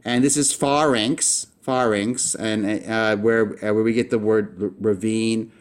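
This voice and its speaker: A man teaching a recorded language lesson, explaining patiently with many fillers and restarts and slowing down to sound out each word carefully. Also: fairly low pitch, little pitch movement, darkish tone. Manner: slows down to sound out words carefully.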